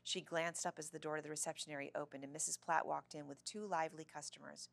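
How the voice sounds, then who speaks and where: Gravelly-voiced woman reading a children's story. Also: sits low, little pitch movement, fast talker. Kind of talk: reading a children's novel aloud.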